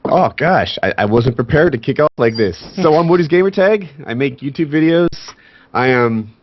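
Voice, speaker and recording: A man's voice: fairly high pitch, expressive, normal speed, a little hiss or hum. A man chatting as a guest on a podcast, candid and joking, laughing often. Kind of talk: casual podcast chat. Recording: dull lo-fi voice call audio.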